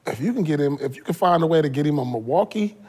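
Brief: slightly high male co-host, relaxed, easy sports talk. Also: fast. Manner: laid-back, agreeing interjections, laughs along. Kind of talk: casual sports chat.

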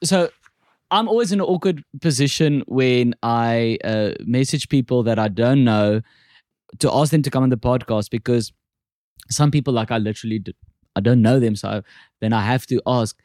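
A man's voice: mid-range voice, moderate pace, a little mellow, dry recording. South african guy hosting a podcast, jokey, rambly, dry close sound. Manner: joking, rambling, self-deprecating. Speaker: podcast host. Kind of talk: casual comedic podcast chat.

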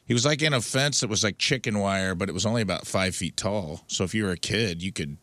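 Brief: male podcast co-host, low voice, relaxed and dry, close mic. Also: fast, dry recording. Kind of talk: casual chat.

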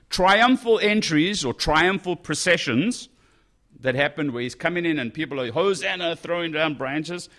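Animated conversational male preacher. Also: on the high side. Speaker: pastor. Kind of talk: sermon.

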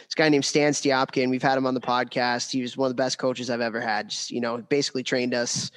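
A man co-hosting a casual podcast chat, a lively storyteller who laughs while he talks. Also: mid-range voice, quick pace. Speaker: podcast co-host.

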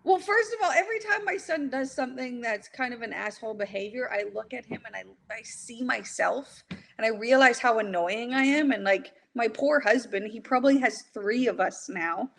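A woman's voice: a little high, animated, moderate pace, creaky, a bit bright, a little hiss or hum. A woman in her thirties, a stand-up comedian, chatting casually with brash, profane humor and frequent laughter. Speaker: comedian guest. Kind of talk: casual podcast chat.

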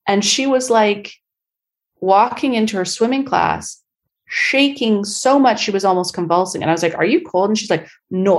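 A woman's voice: on the low side, a little mellow. Chatty woman from Canada. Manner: chatty, filler-heavy storytelling. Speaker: guest. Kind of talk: casual interview conversation.

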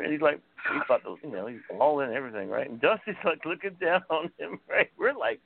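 A man tells a story in a casual, animated way and chuckles between lines. His voice is gravelly and swings up and down. The sound is thin, like a phone line. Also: fairly high pitch, fast, few pauses. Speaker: guest storyteller.

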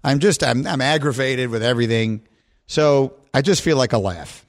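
A middle-aged man hosting a sports talk show, telling a story with lively quoted voices. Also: moderate pace. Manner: animated storyteller, voice jumps high when quoting. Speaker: sports radio host.

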